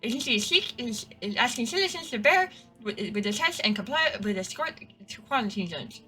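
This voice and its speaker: A woman's voice: on the high side, expressive, fairly quick, pushed and bright, soft background music, pitched above the performer's own voice, low-quality recording. A woman playing a TV news anchor reading emergency bulletins in a formal broadcast delivery. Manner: formal broadcast delivery, stumbles over words.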